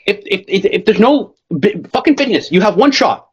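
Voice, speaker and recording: Young male sales coach, high and rapid, profane and blunt, dull call audio. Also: slightly rough. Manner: blunt, swears constantly, fast and animated.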